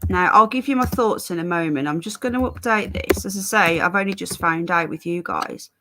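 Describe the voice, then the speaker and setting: A woman's voice: on the low side, fairly quick, noisy background. An English woman chatting casually on a live stream, greeting viewers by name while fiddling with her stream settings. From England.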